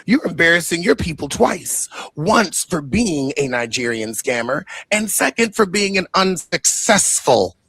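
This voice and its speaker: A man's voice: fairly high pitch, sing-song, measured pace, hardly any pauses, pushed and bright, slightly rough, no echo. A man, hosting a reaction show, talking in a casual, mocking way and swearing freely. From the Bronx, New York. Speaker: host reacting to an interview.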